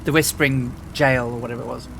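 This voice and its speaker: A man's voice: mid-range voice, fairly even intonation, quick pace, gravelly, background noise. A man from England, chatting casually as a livestream host, rambling with lots of fillers and restarts. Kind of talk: casual chat.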